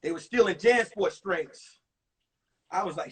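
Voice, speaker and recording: A male comedian telling animated stories from high school in a one-man show on a livestream. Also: measured pace, husky. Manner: animated, acts out voices. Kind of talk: stand-up storytelling. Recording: distant mic on a phone livestream.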